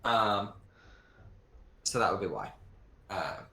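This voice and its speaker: Halting game master man, echoey room. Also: on the low side, lively intonation, pushed and bright. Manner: halting, with many fillers. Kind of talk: narrating a tabletop game. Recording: echoey room with faint background noise.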